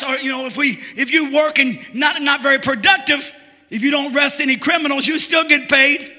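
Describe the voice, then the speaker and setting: Preaching in a church hall with a long reverb echoing after each line, a man speaks in a very high, piercingly bright voice. His delivery is expressive, quick, folksy, and full of jokes, repeatedly rising to shouts.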